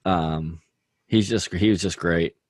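A man's voice: deep voice, slow pace, dry recording. A man chatting casually about music, rambling with lots of "like" and "dude". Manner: rambling, heavy use of "like" and "dude".

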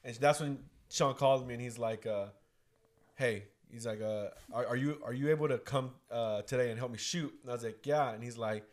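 A man, a guest on a podcast, telling a story in a relaxed, casual way. His voice is medium in pitch, and he acts out what other people said. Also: brisk. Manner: storytelling, acts out quoted dialogue, swears. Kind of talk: casual chat.

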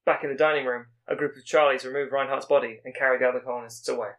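A man reading out a scripted plot pitch as a podcast co-host, with small slips as he goes. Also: steady tone, fairly bright tone. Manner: brisk storytelling read with small slips.

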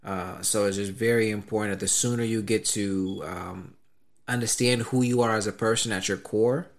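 A man's voice: fairly low pitch, steady tone, moderate pace. A man hosting a podcast, talking in a reflective, earnest way and often calling his guest "man". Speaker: podcast host. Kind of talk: casual chat.

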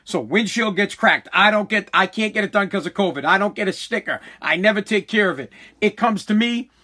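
A man's voice: high-pitched, brisk, sharp tone. A middle-aged man hosting a podcast, venting in a rambling, exasperated way and swearing often. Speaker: podcast host. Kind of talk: casual venting monologue.

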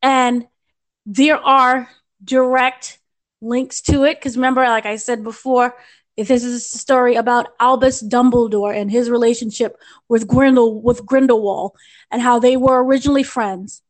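A woman's voice: on the high side, fairly even intonation, moderate pace. A young American woman reviewing a film on a podcast, gushing and rambling with restarts and fillers. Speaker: entertainment editor reviewing a film.

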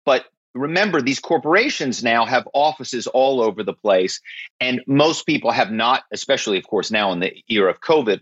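A man's voice: mid-range voice, fairly bright tone, slightly rough, dry recording, lo-fi sound. A man, a former corporate spy, telling stories as an interview guest in an emphatic way. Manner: emphatic, keeps asking "right?".

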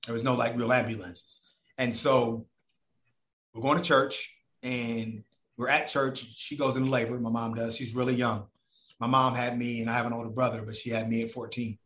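A man's voice: mid-range voice, moderate pace, reverberant. A man telling a long personal story in casual, profane talk, acting out the voices of the people in it. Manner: animated, profane, acts out voices of others.

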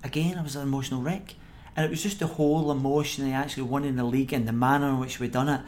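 A middle-aged Scottish man, a former footballer, telling animated stories as a podcast guest with frequent laughs. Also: medium pitch, rapid-fire, a little hiss or hum. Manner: animated anecdote-telling, acts out quoted voices, laughs often. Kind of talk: podcast interview storytelling.

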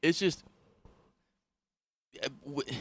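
A man's voice: fairly high pitch, drawn-out words, no echo. A young man co-hosting a comedy podcast, telling stories casually and laughing often. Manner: laughs often, animated storytelling. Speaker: podcast co-host.

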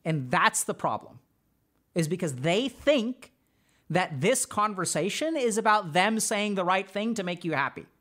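An unhurried mental health doctor hosts a podcast, walking through relationship advice casually, conversationally, and earnestly, with lots of fillers. His high, slightly bright voice carries lively intonation.

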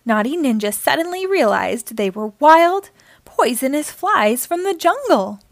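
A woman hosting storytime, reading a children's book aloud with expressive storytelling. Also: sits high, measured pace, dry recording. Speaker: storytime host.

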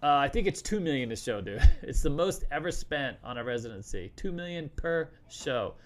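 A man's voice: medium pitch, expressive, moderate pace. A man hosting a casual live stream, talking loosely and joking with lots of restarts. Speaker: host.

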